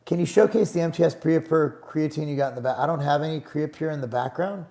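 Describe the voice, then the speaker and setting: Gravelly middle-aged dude doing a live q&a, blunt and swears a lot, kinda high voice. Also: male voice, fast talker, dark tone. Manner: blunt, profane, gets heated and exasperated. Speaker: host answering live chat questions. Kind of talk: casual live Q&A stream.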